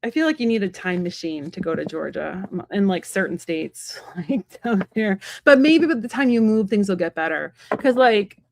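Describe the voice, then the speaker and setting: A woman giving a live-stream tarot reading from home, talking fast and rambling in a chatty way with many fillers. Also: mid-range voice, lively intonation, vocal fry, no echo. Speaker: psychic medium and tarot reader.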